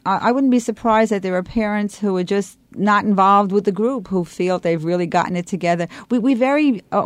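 A woman's voice: medium pitch, no echo. A woman with a New York accent, a guest on a radio interview, telling a story with many restarts. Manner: animated storytelling with frequent restarts and laughs.

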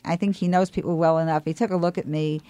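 A woman's voice: lowish voice, fast. A woman with a New York accent, a guest on a radio interview, telling a story with many restarts. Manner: animated storytelling with frequent restarts and laughs.

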